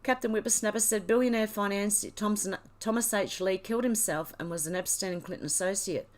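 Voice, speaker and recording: Reading chat messages on her livestream, an Australian woman breaks into tears while gushing her thanks to viewers. She speaks in a mid-range voice at a fairly quick pace.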